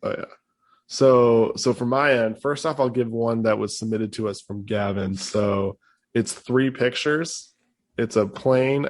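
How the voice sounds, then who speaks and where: A young man co-hosting a podcast in loose, casual chat, swearing freely and laughing often. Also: lowish voice. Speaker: podcast co-host.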